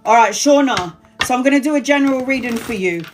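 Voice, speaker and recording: Brief: woman tarot reader on a live stream, slightly high voice, blunt and chatty, curses casually, faint music behind. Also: fast. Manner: chatty and blunt, swears freely; addresses viewers as honey and sweetheart.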